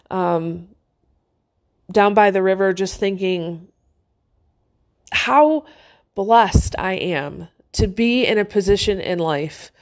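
A middle-aged woman casually telling a personal story, chatty and earnest, with many fillers and restarts. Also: medium pitch.

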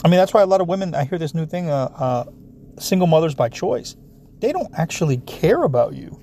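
Brisk and slightly high-voiced, a man gives an animated solo rant full of swearing, blunt and aimed straight at his listeners. There's a little hiss or hum on the recording.

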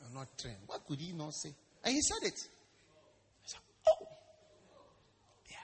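A man preaching a sermon in a lively, storytelling way, acting out quotes and jokes. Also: a little high, a little fast, husky. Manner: animated, storytelling with acted quotes and stammering imitations. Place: church service hall. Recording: long reverb of a large hall.

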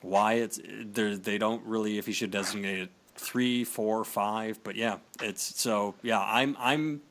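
A man's voice: fairly low pitch, steady tone, measured pace, a bit bright. A man hosting a podcast, chatting casually with dry sarcastic humor. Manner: reads aloud, then chats with dry sarcasm. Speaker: podcast host.

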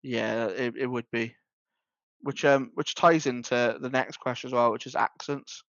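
A man's voice: mid-range voice, fairly even intonation, unhurried, fairly bright tone, no echo. Rambling British man, dull dry sound. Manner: rambling, lots of fillers and restarts. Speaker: podcast co-host. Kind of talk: casual chat.

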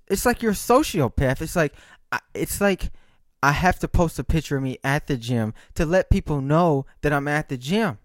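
Animated, profane man ranting to camera. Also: high-pitched, no room sound, clean studio sound. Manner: rambling, profane and emphatic, with frequent "right?" asides. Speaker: vlogger. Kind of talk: casual monologue to camera.

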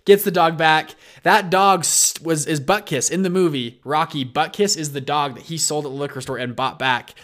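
A man's voice: fairly high pitch, normal speed, hardly any pauses. A man hosting a show, casually retelling stories and acting out the quoted lines. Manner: animated, acts out quoted lines, frequent restarts. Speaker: show host. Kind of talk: casual storytelling talk.

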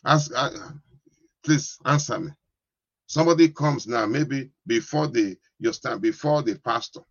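Pastor preaching, husky and repetitive. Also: male voice, mid-range voice, a little slow, no room sound, muffled recording. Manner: repetitive, keeps asking "you understand?". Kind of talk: sermon.

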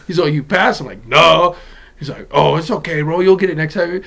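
A young man from Southern California, co-hosting a podcast and telling stories in casual chat, animated and profane. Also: fairly high pitch, quick pace, vocal fry. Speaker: podcast co-host.

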